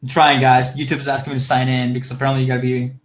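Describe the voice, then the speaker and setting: A man's voice: medium pitch, level tone, racing, low-quality recording. A man co-hosting a podcast in loose casual chat, laughing easily and swearing freely, speaking English as a second language. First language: not English. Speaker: podcast co-host.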